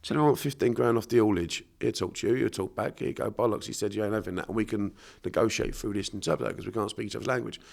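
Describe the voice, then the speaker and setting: Sweary South London guest, rapid delivery, very gravelly, lowish voice, blunt and emphatic. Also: male voice, a little mellow. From Bermondsey, London. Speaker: podcast guest, unconscious mind therapist. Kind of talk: casual podcast interview.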